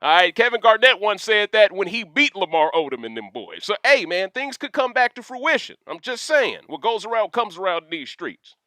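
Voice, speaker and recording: A young man hosting a casual livestream rant, reading chat questions aloud and talking in an animated, slangy way full of asides. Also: high-pitched, normal speed, few pauses, dry recording, studio quality. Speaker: livestream host.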